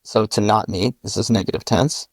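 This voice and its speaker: Male linguist guest, gravelly voice, dry close sound, walks through sounds one by one with examples. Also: fairly low pitch, moderate pace, no echo. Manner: methodical, spells out sounds with examples. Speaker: linguist guest explaining his constructed language. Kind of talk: patient step-by-step explanation.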